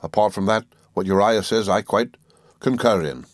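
A man reading aloud, voicing a depressed older gentleman who speaks in a monotonous, forced way. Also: on the low side, moderate pace, no echo, clean studio sound, natural voice. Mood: dull.

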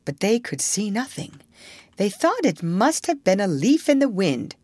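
A woman narrating a storybook in an expressive, measured reading. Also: medium pitch, no echo, studio quality.

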